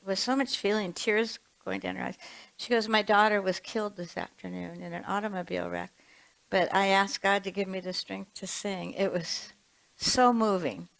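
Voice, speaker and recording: A woman's voice: lowish voice, low-quality recording. A woman in her seventies, a reverend, giving a chatty sermon with storytelling and laughs. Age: 70s.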